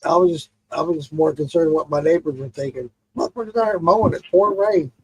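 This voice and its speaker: A man's voice: fairly high pitch, fast talker, husky, dry recording, rough recording. A man from Missouri chatting casually and laughing easily on a podcast. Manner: laughing, easygoing. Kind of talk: casual chat.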